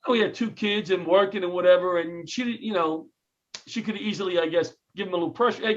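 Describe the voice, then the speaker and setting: A man's voice: a little high, highs cut off. A middle-aged man from New York, a comedian and retired firefighter, telling stories in an interview and acting out the lines of the people in them. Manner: animated, jokey storyteller who acts out quotes. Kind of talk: storytelling interview.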